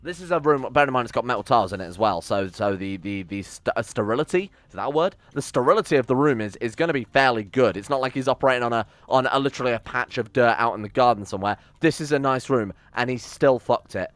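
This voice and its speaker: Excitable, swearing man playing a game. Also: mid-range voice, quick pace, few pauses, no echo. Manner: excitable, swears, talks to his colonists. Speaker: game streamer. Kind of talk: let's-play commentary.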